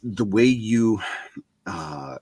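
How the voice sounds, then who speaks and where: A man hosting a casual interview from home, speaking in a halting way that restarts his sentences. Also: lowish voice, lively intonation, noisy background. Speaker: host.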